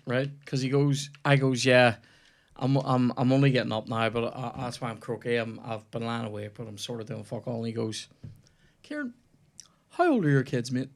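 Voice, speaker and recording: Young male comedian host, sweary, animated storyteller, ranting at a football game mid-chat. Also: medium pitch, creaky. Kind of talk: casual chat while playing a football video game.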